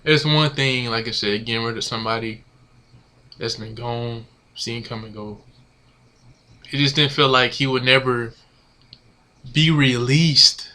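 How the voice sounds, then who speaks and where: A man's voice: medium pitch, a little slow, long pauses, sharp tone. A man ranting casually to his camera as a sports fan, exasperated and slangy, repeating himself. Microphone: camera mic.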